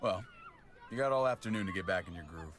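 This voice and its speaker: Quiet troubled dude in a game, really deep, hesitant. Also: male voice, expressive, fast, over a noisy crowd. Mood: subdued.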